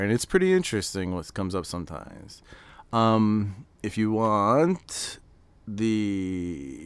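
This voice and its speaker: American male streamer, low smooth voice, easygoing rambling chat with viewers. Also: dry recording. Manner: rambling, chatty, reads and answers chat aloud. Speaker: streamer hosting a live reveal watch party. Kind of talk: casual live-stream chat.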